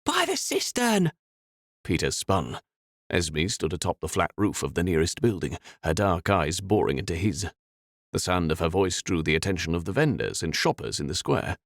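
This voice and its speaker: Deep-voiced male audiobook narrator, dry studio. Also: normal speed, gravelly, dry recording. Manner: expressive, dramatic reading. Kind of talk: scripted fantasy narration.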